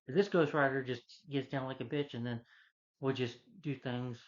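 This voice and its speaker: Casual male film reviewer, mid-pitched voice, rambling plot recap full of fillers, slightly dull lo-fi sound. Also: steady tone, moderate pace. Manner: loose, meandering retelling with many fillers.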